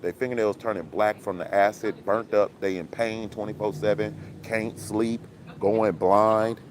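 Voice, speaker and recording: A man's voice: on the low side, level tone, unhurried, slight background noise. Preachy man rambling in casual commentary. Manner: preachy, conspiratorial, filler-heavy with frequent laughs. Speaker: commentary channel host.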